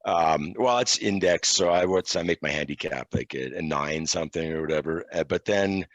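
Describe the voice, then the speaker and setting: A middle-aged man from Quebec with a low voice, telling casual anecdotes with easy, self-deprecating humor. The sound is dry and close, with no room echo. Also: normal speed. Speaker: interview guest, hockey officiating analyst. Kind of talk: casual storytelling.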